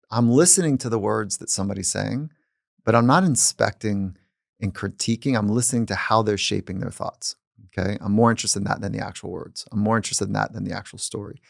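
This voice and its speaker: A man who is a psychologist and podcast host, talking in a calm, reflective way in casual conversation. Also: fairly low pitch, fairly quick, creaky, no room sound, studio quality. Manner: calm and reflective, speaking at length.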